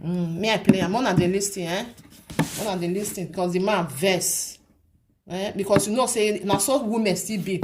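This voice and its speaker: A woman's voice: mid-range voice, normal speed, background noise. A woman with a Nigerian accent giving casual commentary to her viewers, emphatic, repeating her points and asking rhetorical questions. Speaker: vlogger.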